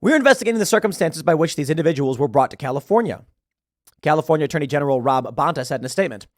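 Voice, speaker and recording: A man delivers political commentary, reading news items aloud and breaking off into emphatic, scornful asides. His voice sits a little high for a man. The sound is close and dry. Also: no echo. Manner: emphatic, scornful, stumbles over words.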